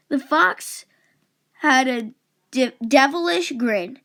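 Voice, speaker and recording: A woman reading a children's picture book aloud, slow, gentle and expressive. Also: high-pitched. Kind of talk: read-aloud storybook narration.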